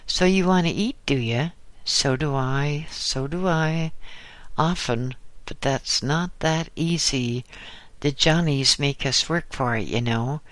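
A man's voice: fairly high pitch, takes it slowly, fairly bright tone, no echo. A man voicing a thin-faced male drifter who talks in a languid, ironically posh drawl.

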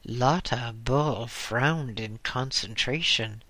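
A reader slowly narrating an audiobook chapter, reading the characters' dialogue inside the narration. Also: medium pitch, sharp tone, no room sound. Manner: slow, measured reading with quoted dialogue.

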